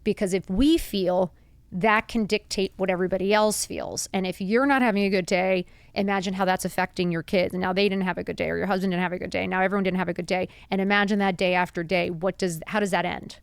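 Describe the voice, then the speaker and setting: A woman's voice: quick pace, gravelly, smooth, no room sound. A woman in her fifties hosting a podcast, talking candidly and bluntly to her listeners in a confiding way. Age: 50s. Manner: blunt, confiding, animated with laughs and high put-on quotes. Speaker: podcast host. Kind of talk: candid solo podcast talk.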